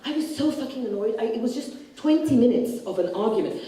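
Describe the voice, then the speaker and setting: Outspoken woman author, mellow low-key tone, sounds far off in a big echoey hall. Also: fast talker. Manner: blunt and animated, acts out quoted people. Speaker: author discussing her book. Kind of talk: festival stage conversation. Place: large hall at a literature festival.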